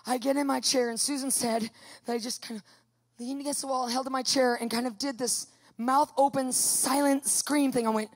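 A woman tells her personal testimony with lively energy, laughing often and acting out other people's voices. Her speaking voice sits a little high. Her storytelling is casual and expressive. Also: normal speed. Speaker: guest giving a testimony.

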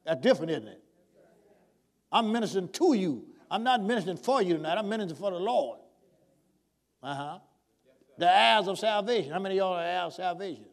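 A man's voice: sits high, animated, brisk, pauses often. A male preacher delivering a sermon, prodding the congregation with call-and-response questions.

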